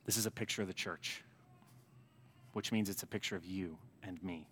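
Bright, forceful American priest preaching. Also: male voice, low-pitched, moderate pace, a little hiss or hum. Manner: animated storytelling with emphatic swings in loudness. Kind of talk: sermon. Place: church sanctuary. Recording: long church reverb.

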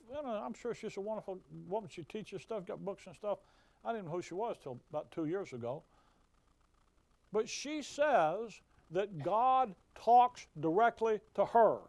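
A man's voice: high voice, darkish tone, no room sound. A man preaching a fiery sermon, folksy and emphatic, with mocking asides.

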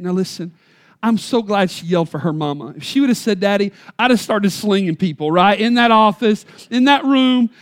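High-voiced pastor preaching. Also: male voice. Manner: storytelling, emphatic, varies loudness for effect. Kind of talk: sermon. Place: church.

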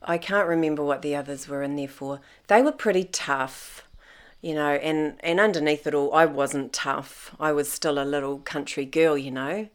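A middle-aged woman telling her own story in a lively way, laughing often and acting out the voices of people she quotes. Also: deep voice, normal speed. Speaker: interviewee. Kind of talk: personal storytelling.

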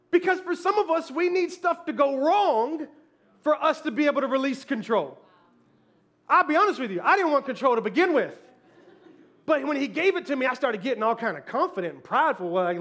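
A male pastor telling a funny story in a sermon, laughing often as he talks, then turning low and soft when reflective. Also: expressive, brisk.

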